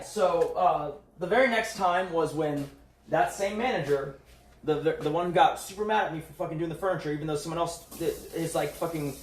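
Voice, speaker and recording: A man's voice: a little high, roomy sound, distant mic, slight background noise. Profane rambling man, off-mic. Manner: rambling, profane, quotes people in dialogue. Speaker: streamer telling a story. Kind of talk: casual storytelling chat.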